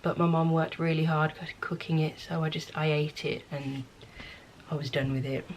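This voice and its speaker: Her voice sits low and level, at a normal speed, as this young Birmingham-accented vlogger from England chats openly about herself at home. She comes across as chatty, candid and self-deprecating. Recorded on the camera mic, with slight background noise.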